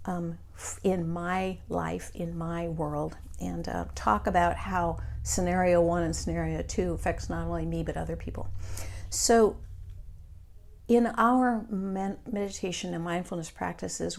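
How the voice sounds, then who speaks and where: Middle-aged woman, lowish voice, calm and frank, guiding a meditation class. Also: gravelly. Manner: calm, reflective, candid with casual swearing. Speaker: meditation group leader.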